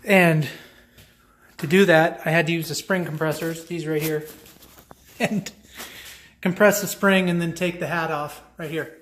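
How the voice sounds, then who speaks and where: A man's voice: on the high side, steady tone, unhurried, long pauses, a bit bright, slight background noise. A man talking casually through his own car repair job in a DIY vlog, rambling and talking to himself as he works. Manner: rambling, self-talking, chatty with restarts. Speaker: car hobbyist vlogger.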